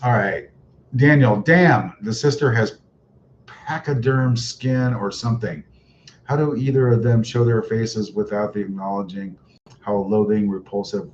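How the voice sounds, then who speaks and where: A man's voice: on the low side, a little mellow. Sarcastic man on a lo-fi livestream. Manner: mocking, sarcastic, chuckles often. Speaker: livestream host reading chat. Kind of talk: casual livestream chat. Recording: dull lo-fi livestream audio with faint noise.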